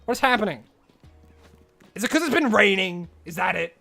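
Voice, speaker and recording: A man's voice: high-pitched, animated, normal speed, creaky, pushed and bright, faint music behind. A man streaming a video game in casual live-stream chat, rambling and exclaiming to himself as he plays.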